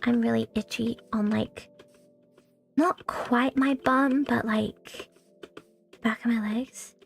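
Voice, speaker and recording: A woman's voice: on the high side, steady tone, slow, vocal fry. A young woman streaming from home, chatting candidly and rambling, swearing freely, on a mic on a stand. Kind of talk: casual stream chat. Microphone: new condenser mic on a stand. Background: faint background music.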